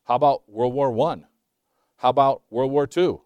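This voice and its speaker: A man's voice: mid-range voice, moderate pace, no echo. Man preaching, with rhetorical questions. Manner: rhetorical questions, swings from loud to hushed. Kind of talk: sermon.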